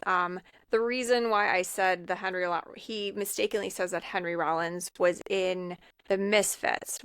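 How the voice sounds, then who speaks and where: A woman's voice: fairly low pitch, creaky, fairly bright tone, dry recording, clean studio sound. A woman co-hosting a podcast, casually recapping a film's plot scene by scene with frequent ums and fillers. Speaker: podcast co-host. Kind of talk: casual film recap chat.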